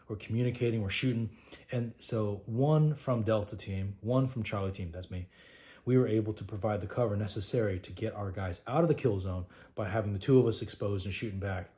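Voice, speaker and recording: A man telling a training war story to his trainees in an animated, conversational way, sometimes dropping to a hush. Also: on the low side.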